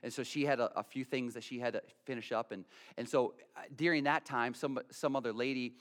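A man preaching a sermon as a pastor, telling a story in an animated way and often stammering and repeating his words. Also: mid-range voice, a little fast.

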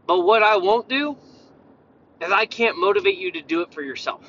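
A man with a high, bright, edgy voice rants as a fitness coach, blunt and swearing freely as he jumps between points. The sound is a little muffled and lo-fi. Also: lively intonation, moderate pace. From Tennessee, USA. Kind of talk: profane casual rant.

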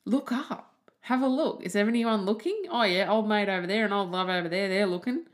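A woman hosting a casual solo podcast, chatty and animated, swearing freely. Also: medium pitch, fairly quick. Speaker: podcast host.

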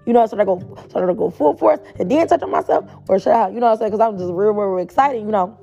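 A woman's voice: mid-range voice, quick pace, creaky, dark tone, lo-fi sound, soft background music. A woman telling a blunt, profane storytime straight to her viewers in a casual, chatty way.

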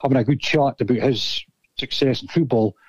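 A Scottish man putting on a smooth-talking newspaper reporter making a phone call. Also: mid-range voice, moderate pace, no echo, close to an everyday voice. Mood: persuasive.

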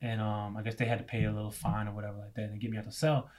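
A man in casual conversation, telling his story at a quick clip. He talks with animation, laughs often and swears freely. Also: lowish voice, level tone, darkish tone.

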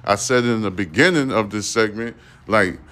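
A man's voice: on the low side, normal speed, a bit bright. A young man hosting his own podcast, reading news stories and riffing on them in a loose, profane, rambling way with many fillers. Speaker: podcast host. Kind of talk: casual solo podcast news commentary.

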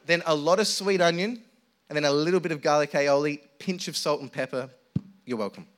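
A man's voice: on the high side, fairly quick. Playful young preacher man. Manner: playful, self-mocking, chatty with the audience. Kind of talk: humorous sermon story.

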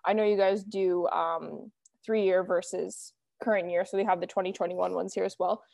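A woman's voice: on the low side, fairly even intonation, normal speed, creaky, a little mellow, no room sound, studio quality. A young woman hosting a casual chat, talking loosely with many fillers. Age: young adult. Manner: chatty, lots of fillers and "you know". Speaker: podcast host.

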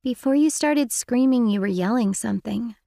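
A woman voicing a young girl, a worried little sister, speaking in a hushed, uncertain way. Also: fairly high pitch, moderate pace, vocal fry, no room sound, clean studio sound, pitched above the performer's own voice.

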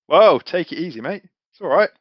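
Voicing his character in a tabletop game, a man delivers animated, laid-back, matey banter with plenty of swearing. His voice is on the high side with a breathy edge and a slightly fast pace; the recording is dry, slightly muffled and echo-free.

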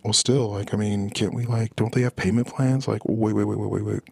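Low gravelly man venting. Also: fairly even intonation, brisk, a little mellow, no echo. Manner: rambling, frustrated venting. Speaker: podcast host. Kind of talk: personal monologue about marriage.

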